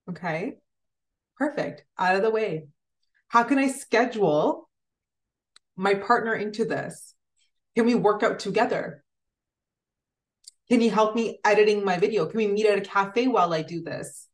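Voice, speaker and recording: A woman's voice: mid-range voice, expressive, unhurried, pauses often. A woman giving an earnest, motivational spiritual talk, speaking directly to the listener in repeated phrases. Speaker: spiritual content creator.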